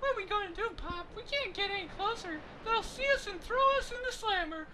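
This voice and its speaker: Man voicing a high, anxious young boatwoman. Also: animated, brisk, background noise. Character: young woman boat captain's daughter, excitable.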